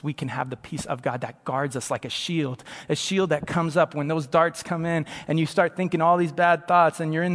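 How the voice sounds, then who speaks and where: A man preaching a sermon in a conversational way, dropping to hushed tones and then rising to loud, emphatic passages. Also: medium pitch, in a large hall. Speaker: pastor.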